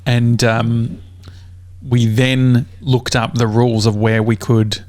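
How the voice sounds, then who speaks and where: A man's voice: mid-range voice, flat delivery, takes it slowly, darkish tone, dry recording, clean studio sound. Rambling Australian man, casual podcast talk. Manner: rambling storyteller, swears a lot, many fillers. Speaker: podcast host. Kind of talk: casual chat.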